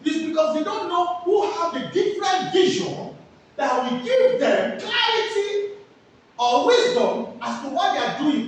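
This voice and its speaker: A woman teaches a class, throwing questions at it and answering them herself. Her voice is high and lively, with wide swings of pitch. She is heard from a distance in a very echoey room with faint background noise. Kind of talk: classroom lecture with call-and-response questions.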